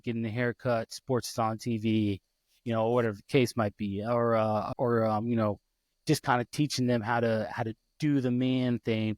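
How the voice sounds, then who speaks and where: A man in his thirties hosting a casual podcast interview, lively and quick to act out his kids' voices. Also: mid-range voice, no room sound, clean studio sound. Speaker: podcast host.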